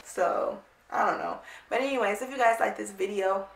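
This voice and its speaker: A woman vlogger telling a casual storytime, animated, blunt and emphatic. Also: mid-range voice, normal speed, gravelly, a little hiss or hum. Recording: roomy, distant mic.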